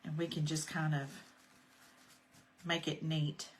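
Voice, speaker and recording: A woman's voice: low voice, little pitch movement, slow pace, slight background noise. A woman demonstrating a craft project on a livestream, chatting and greeting her viewers by name between steps. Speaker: craft tutorial host. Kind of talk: casual livestream craft demo.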